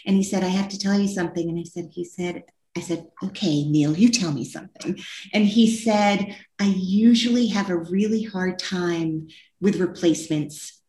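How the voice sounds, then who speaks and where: A woman hosting a casual conversation, retelling a story in a chatty, halting way. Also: lowish voice, mellow. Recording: roomy echo.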